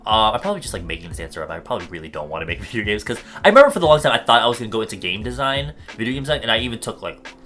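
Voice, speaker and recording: A man's voice: lowish voice, very animated, rapid-fire, fairly bright tone, faint music behind. A young American man answering viewer questions in a casual vlog. He swears a lot and rambles off on tangents. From United States.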